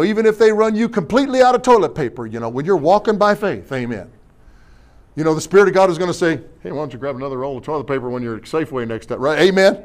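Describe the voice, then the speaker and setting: Man, middle-aged, pastor, sermon, folksy joking delivery, frequent amens, high-pitched voice. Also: darkish tone. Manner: folksy, jokey preaching with frequent amens and rhetorical questions.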